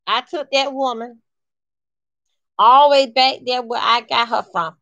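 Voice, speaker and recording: Animated woman telling a story. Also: a little high, unhurried, pauses often, no room sound, lo-fi sound. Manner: animated and emphatic, colloquial, acts out quoted lines. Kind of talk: casual spoken storytime.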